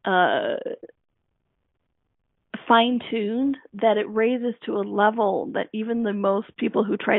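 This self-help radio host speaks earnestly, coaching her listeners and repeating the phrases that matter most. Her pitch runs a little high. It comes through a dry, tinny, phone-like line without echo.

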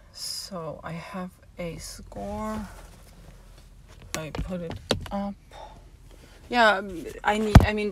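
A woman's voice: lowish voice, slight background noise. A woman opera singer in a casual vlog, explaining things from her car in a chatty way with many fillers, slightly out of breath.

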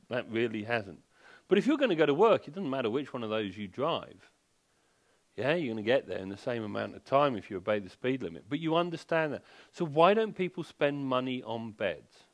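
Wry man lecturing a crowd. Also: fairly high pitch. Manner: wry, joking, rhetorical questions. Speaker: sleep expert giving a seminar. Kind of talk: public lecture to a live audience. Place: furniture showroom, indoors.

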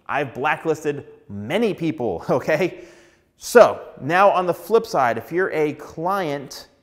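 Chatty man with a slightly high voice. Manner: chatty, animated, acts out little dialogues. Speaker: hairstylist giving advice. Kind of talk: casual talking-to-camera advice.

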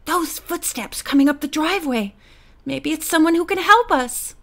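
A woman voicing a level-headed teenage girl who speaks in a hushed, cautious way. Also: high-pitched, animated, moderate pace, voice pushed up.

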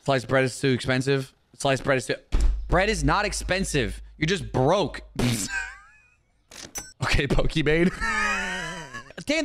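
Loud, swinging young man gaming. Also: on the high side, a little hiss or hum. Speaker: gaming YouTuber. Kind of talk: comedic gameplay commentary.

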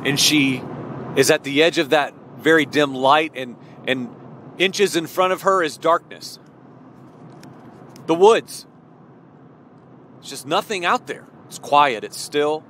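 A man's voice: fairly high pitch, slow pace, long pauses, a bit bright, slight background noise. A man preaching a sermon, retelling a parable and addressing his listeners directly with emphatic questions. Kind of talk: sermon storytelling.

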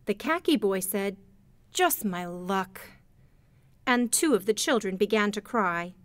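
A woman narrating a storybook in a gentle, measured way. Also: mid-range voice, no echo. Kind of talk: storybook reading.

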